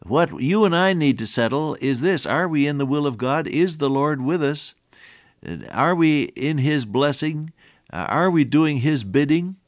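Older radio preacher, swelling earnest delivery. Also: male voice, fairly high pitch, unhurried, no room sound, clean studio sound. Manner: earnest, swells and drops in volume for emphasis. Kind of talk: radio sermon.

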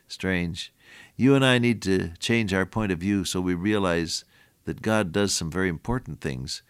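A man's voice: lowish voice, no echo, studio quality. An older man preaching an earnest radio sermon, his voice rising and dropping in volume for emphasis.

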